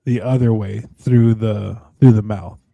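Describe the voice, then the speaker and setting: A man's voice: lowish voice, steady tone, unhurried, creaky, dark tone, dry recording, highs cut off. A man in casual chat, laid-back and swearing freely, often saying "dude".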